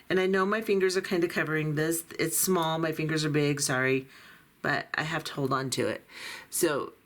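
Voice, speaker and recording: A woman with a slightly low voice talks a viewer through a beading project step by step. She is middle-aged or older and speaks in a patient, practical way while her hands stay busy with the work. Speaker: beading tutorial host. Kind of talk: step-by-step craft instruction.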